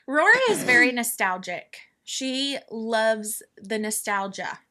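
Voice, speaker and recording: A bright, high-voiced woman in middle age who hosts a relaxed family conversation. She tells stories with lots of energy and jumps into loud acted-out quotes. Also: takes it slowly. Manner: animated storyteller, acts out quotes loudly. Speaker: podcast host and mother. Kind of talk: casual family chat.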